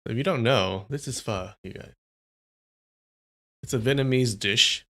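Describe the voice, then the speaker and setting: A man's voice: mid-range voice, normal speed, sharp tone. A young man chatting casually on a live stream, rambling and answering viewers' comments.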